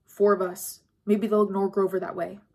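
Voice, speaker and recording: A woman's voice: medium pitch, flat delivery, normal speed, dark tone, natural voice. A woman voicing a bold young female fighter who speaks firmly and takes charge. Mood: commanding.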